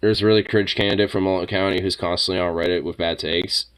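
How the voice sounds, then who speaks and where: A man's voice: sits low, fairly even intonation, quick pace, fairly bright tone, clean tone. A man chatting casually, swearing freely and cooing at his pet in baby talk. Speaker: streamer. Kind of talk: casual chat while reading online posts and talking to a pet.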